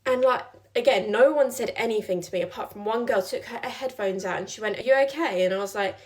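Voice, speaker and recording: Young woman, casual chatty storyteller, medium-pitched voice. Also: brisk. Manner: chatty, many "like"s, acts out quoted lines.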